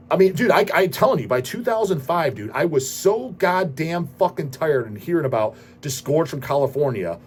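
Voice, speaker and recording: A man's voice: on the high side, a little mellow, breathy edge. A man hosting a show, answering viewer questions in a profane, ranting casual style. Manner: profane, ranting, repeats goddamn. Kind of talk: casual rant.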